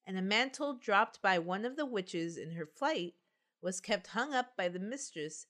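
A woman's voice: mid-range voice, expressive, measured pace, fairly bright tone. A woman hosting a podcast, reading a folk tale aloud and joking with friends. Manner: playful, laughs often. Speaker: podcast host. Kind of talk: reading folklore aloud in casual chat.

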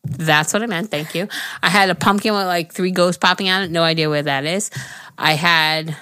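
A woman's voice: lowish voice, fairly even intonation, moderate pace, pushed and bright, clean tone, dry recording. A young woman with a Long Island accent, co-hosting a casual podcast chat in a giggly, chatty way, often talking over her friend. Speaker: podcast co-host.

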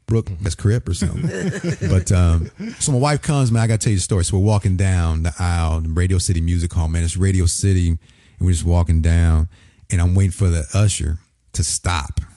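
A man from Springfield, Illinois, telling a lively story in casual talk and acting out the voices of the people in it. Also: deep voice, no echo, studio quality. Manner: animated storyteller, acts out quoted voices. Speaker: podcast guest.

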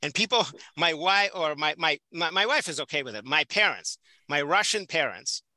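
A passionate man from the Soviet Union speaks as a podcast guest, driving his points home by repeating words. His voice sits high and sounds very bright and sharp. The recording is dry and close. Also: lively intonation, moderate pace, no room sound, low-quality recording. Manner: emphatic, passionate, repeats for stress. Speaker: podcast guest, prison volunteer teacher. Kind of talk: casual conversational interview.

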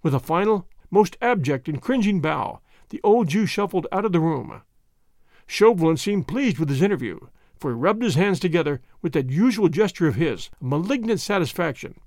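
A man narrating a novel with an expressive storytelling delivery. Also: on the high side, moderate pace, dry recording, clean studio sound. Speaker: audiobook narrator.

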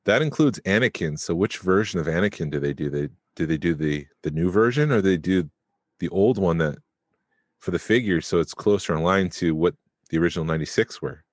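A man's voice: deep voice, expressive, fairly quick, dry recording, studio quality. A man co-hosting a podcast, chatting casually and thinking aloud with fillers. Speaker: podcast co-host.

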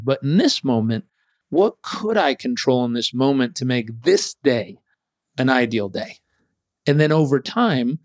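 A man telling a personal story as an interview guest, animated and acting out what others said. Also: mid-range voice, dry recording, clean studio sound.

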